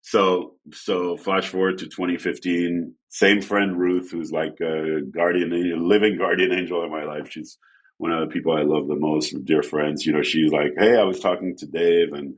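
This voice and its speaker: A man telling casual stories as a guest photographer, acting out quotes in an animated way. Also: normal speed. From France. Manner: animated, acts out quotes with shifting pitch. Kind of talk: casual storytelling.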